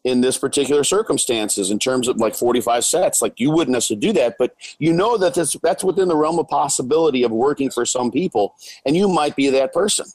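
A man speaking as a guest in a casual discussion, measured and a little hesitant, restarting his words. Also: mid-range voice, expressive, a little mellow, no room sound, low-quality recording. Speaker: guest, coach.

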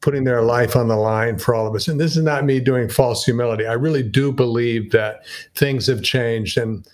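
A man's voice: mid-range voice, fairly even intonation, normal speed, darkish tone. An older man talking as an interview guest, thoughtful and self-deprecating, often restarting his sentences as he reflects.

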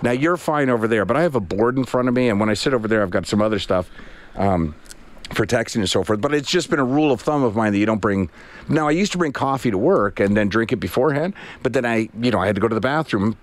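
A man's voice: mid-range voice, animated, fast talker. Rambling man in his fifties. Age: 50s. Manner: rambling storyteller, self-deprecating asides. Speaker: radio show host. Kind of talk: casual on-air chat. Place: radio studio. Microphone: studio mic with headset.

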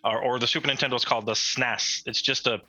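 A man's voice: medium pitch, steady tone, fast talker, pushed and bright, no echo, faint music behind, poor audio. A man co-hosting a podcast, explaining things casually and repeating his words. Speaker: podcast cohost, magazine editor. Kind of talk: casual chat.

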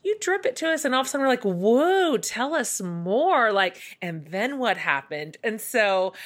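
A woman's voice: mid-range voice, a bit bright. A woman hosting a podcast, greeting her guest in an effusive, enthusiastic way, full of fillers. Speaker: podcast host. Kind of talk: casual interview chat.

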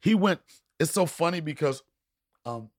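A middle-aged man, a comedian guest, telling stories in casual chat with loud, profane, laughing punchlines. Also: on the high side, animated, normal speed, dry recording, studio quality.

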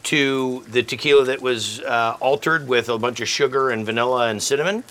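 A man's voice: mid-range voice, fairly even intonation, normal speed, fairly bright tone. A man who is a guest chef and restaurateur, chatting casually while cooking and acting out the voices in his stories. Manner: chatty storyteller, acts out quoted voices.

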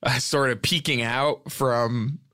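A man co-hosting a comedy podcast, talking in a deadpan, ironic way with lots of fillers. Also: medium pitch, slow pace, no room sound, clean studio sound. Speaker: podcast co-host.

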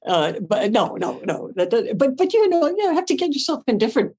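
An older actress as a guest, telling a story in a casual, animated way, acting out her own quotes and laughing often. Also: high-pitched, fairly quick.

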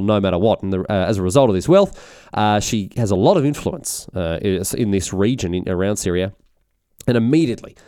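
Irreverent male narrator, rambling and animated, with a dry close sound. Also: on the low side, no room sound. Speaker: history storyteller. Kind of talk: comedic history narration.

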